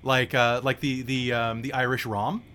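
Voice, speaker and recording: A man runs a tabletop game, talking loosely with plenty of "uh"s and quick self-corrections. His voice sits at a mid pitch with a bright, forward edge. He sounds relaxed and conversational among friends. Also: slight background noise. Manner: chatty, many fillers and self-corrections. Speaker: game master.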